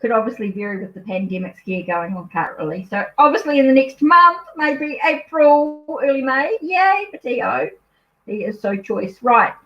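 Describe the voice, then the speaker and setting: A chatty woman with a New Zealand accent speaks a little high, rambling and apologizing as she thinks aloud during a casual live stream from home. The sound is dull and lo-fi. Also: animated, normal speed, few pauses. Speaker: tarot reader hosting a live stream.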